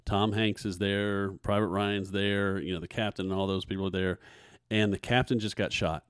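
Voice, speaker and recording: A man's voice: on the low side, level tone, normal speed, clear, resonant tone, no echo, clean studio sound. A man hosting a faith podcast, talking earnestly and preachily, often repeating his words as he builds a point. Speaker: podcast host. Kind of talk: casual faith podcast talk.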